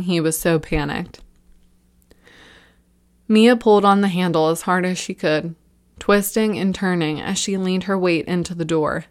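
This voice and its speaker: A woman narrating a fictional horror story in a steady, measured storytelling manner. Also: fairly low pitch, clean tone.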